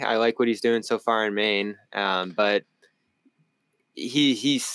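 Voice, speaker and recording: A man's voice: on the low side, a bit bright, clear, resonant tone, dry recording. A man with a Boston accent, a sports reporter co-hosting a casual basketball podcast, talking through his analysis with frequent restarts.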